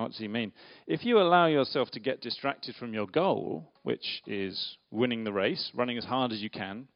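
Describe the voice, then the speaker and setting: A man's voice: medium pitch, gravelly. A man giving an interactive church talk, playfully questioning the audience and directing a volunteer. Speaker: preacher giving a children's talk. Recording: dull lo-fi sound.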